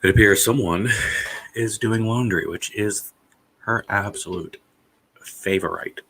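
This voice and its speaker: Man streaming, casual rambling chatter, deep voice, bright tense edge, swears, lots of uh. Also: a little slow, a little hiss or hum. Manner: rambling, profane, thinking aloud with many "uh"s.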